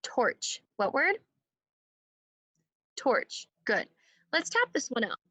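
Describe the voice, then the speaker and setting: A woman teaching a second grade phonics lesson, sounding out words slowly and clearly and having the class repeat after her. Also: high-pitched, sing-song, pushed and bright, no echo, low-quality recording.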